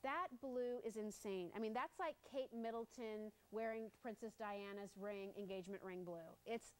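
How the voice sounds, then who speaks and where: A woman hosting a live home shopping show, gushing excitedly over jewelry in a quick sales patter with playful asides. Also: medium pitch.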